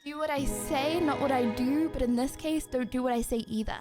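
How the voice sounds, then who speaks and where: A woman's voice: high-pitched, a little fast, music in the background. A young woman streaming live, chatting casually with her viewers in a bubbly, giggly way. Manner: bubbly, giggly, cheering chat on.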